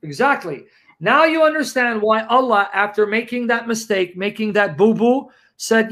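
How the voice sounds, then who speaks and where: A man's voice: high-pitched, animated, normal speed, fairly bright tone. A man telling a story as commentary in an emphatic, incredulous way, acting out the quotes. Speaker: religious debate show co-host.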